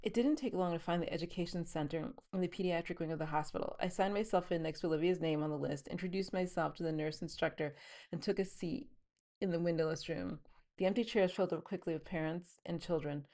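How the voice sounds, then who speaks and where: Low-voiced woman reading her own novel. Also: a little mellow. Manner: reads the scene plainly, then breaks into chatty asides. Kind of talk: book reading with commentary.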